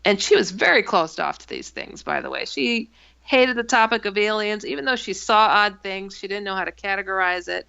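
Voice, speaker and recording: Gravelly bright woman telling a story. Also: medium pitch, fairly quick. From Milwaukee, USA. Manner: animated, acts out quotes, laughs mid-sentence. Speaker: guest author and researcher. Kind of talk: storytelling on a radio talk show. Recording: dull, dry lo-fi sound.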